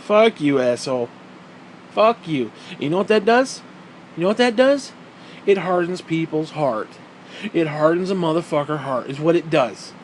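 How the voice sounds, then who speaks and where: A man on a profane, sarcastic rant, his voice sitting high and leaping up and down as he gets heated. He swears constantly and pushes every point hard. A faint hum of air conditioning runs behind him. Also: expressive, moderate pace, low-quality recording. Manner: mocks others in put-on quoted voices. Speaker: vlogger. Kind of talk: profane ranting monologue.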